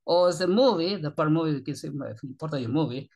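This YouTube reaction host from Argentina, a native Spanish speaker, talks fairly quickly in a somewhat high voice. His casual commentary comes out as excitable, meandering broken English peppered with curses.

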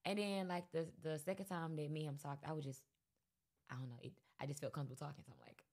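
Here a woman rapper, a podcast guest, speaks fast in a low voice. Her interview talk is easygoing and rambling, full of fillers.

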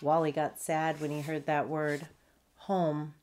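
A woman who is a children's author, reading her chapter book aloud as an expressive storyteller. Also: low-pitched, slow.

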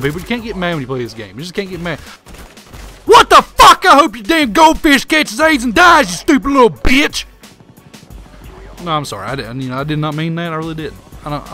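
Brash fast-talking man with a drawl. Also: sits high, a bit bright. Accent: Southern US hillbilly drawl. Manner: brash trash-talking hillbilly persona, crude insults at opponents. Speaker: gaming commentator. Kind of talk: gameplay commentary.

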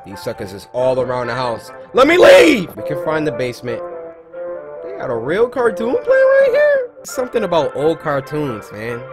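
A man giving lively let's play commentary, joking and shouting as he plays a horror game. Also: a little high, normal speed, over loud music. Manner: animated, yelps and jokes while playing. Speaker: gaming video host.

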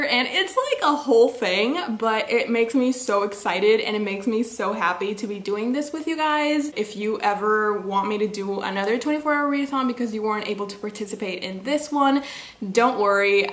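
A woman's voice: fairly high pitch, fairly bright tone. Young woman, casual vlog chat, bubbly, rambling, echoey room. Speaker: book vlogger.

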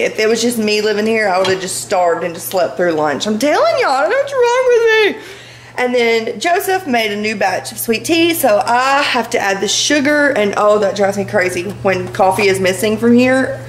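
A woman chatting casually through a home vlog, rambling with quick asides. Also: mid-range voice. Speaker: home vlogger. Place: home kitchen. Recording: noisy home kitchen recording.

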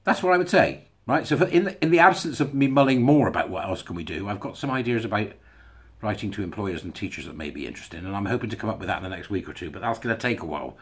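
A man's voice: on the low side, animated, fast, breathy edge. A man talking to camera in a casual commentary monologue, sarcastic and chuckling between remarks. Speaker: video blogger.

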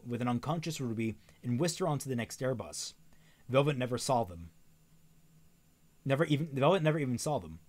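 A man's voice: mid-range voice, darkish tone. A man reading a novel aloud on a stream, often stumbling and correcting himself, with wry asides.

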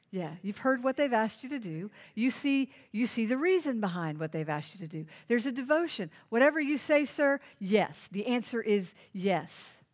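A woman with a high voice preaches a sermon. She is earnest and emphatic, and she keeps asking her listeners pointed rhetorical questions. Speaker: pastor.

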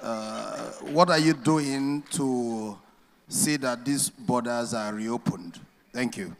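A man's voice: medium pitch, slow, creaky. Hesitant Nigerian man asking a question. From Imo State, Nigeria. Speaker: audience questioner.

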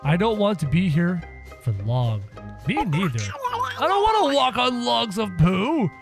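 Lively high-voiced gaming commentator. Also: male voice, a little slow, gravelly, faint music behind. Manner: playful, sarcastic, exclaiming. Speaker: gaming video host. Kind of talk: let's-play commentary.

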